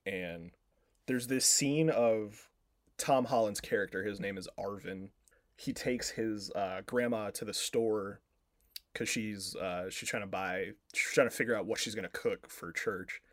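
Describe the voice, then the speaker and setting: Swearing and leaning heavily on filler words, a man co-hosting a podcast gives a rambling, casual recap of a movie's plot. He speaks a little slowly in a lowish voice, and the recording is dry with clean studio sound.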